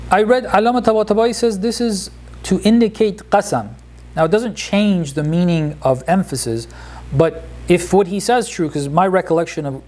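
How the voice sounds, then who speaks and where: A man teaching a relaxed lesson on Quranic Arabic grammar, explaining word by word with frequent pauses and restarts. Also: on the high side, a little hiss or hum. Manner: explanatory, hesitant, many fillers and restarts.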